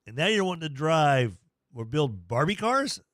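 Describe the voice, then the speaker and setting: A man's voice: fairly high pitch, sing-song, normal speed, a bit bright, no echo, clean studio sound. Rambling, jokey sports radio man. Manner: rambling, jokey, self-deprecating. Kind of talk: casual sports talk radio.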